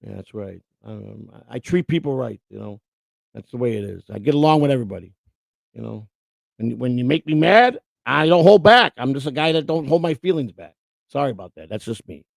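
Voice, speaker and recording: Brief: male co-host, rambling and boastful, gravelly voice with a dry sound. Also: medium pitch, expressive, fairly quick, no echo. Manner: rambling, boastful, repeats words. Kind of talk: casual livestream chat.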